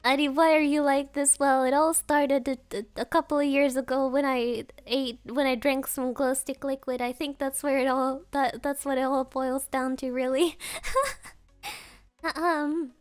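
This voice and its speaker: A woman's voice: sits high, flat delivery, measured pace. A woman streamer whose first language is German, chatting casually in a giggly, rambling, self-mocking way over faint music.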